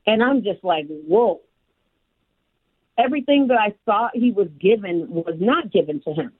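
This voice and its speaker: A woman's voice: mid-range voice, brisk, no echo. A woman from Chicago's south side, a guest telling her life story in an interview and acting out the people she quotes. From south side of Chicago, USA. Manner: animated, acts out the voices of people in her stories. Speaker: guest, human resources executive. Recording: phone-like narrow band, dry.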